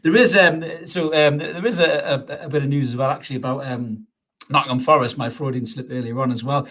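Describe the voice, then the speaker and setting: A man's voice: medium pitch, steady tone, a little fast, fairly bright tone. A man hosting a casual football podcast. He is chatty and sweary, laughs often and restarts his sentences a lot. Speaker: podcast host. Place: home studio, podcast.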